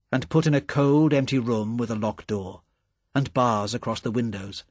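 A man narrating a story in a calm, measured reading voice with a husky tone. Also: mid-range voice, no room sound, clean studio sound.

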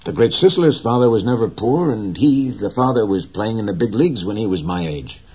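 A man's voice: lowish voice, expressive, a little fast, warm tone, husky, pitched above the performer's own voice. A man voicing an earnest, caring young fisher boy in an audiobook reading, coaxing and eager.

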